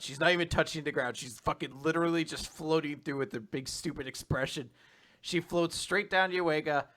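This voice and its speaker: A man's voice: a little high, pushed and bright. A man co-hosting a casual recap chat, animatedly retelling scenes and acting out characters' lines, swearing casually. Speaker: podcast co-host.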